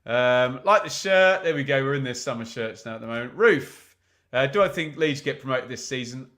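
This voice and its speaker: A man's voice: medium pitch, lively intonation, moderate pace, fairly bright tone. A man hosting a live football watch-along, chatting casually with viewers and reading their comments, with frequent "um" fillers.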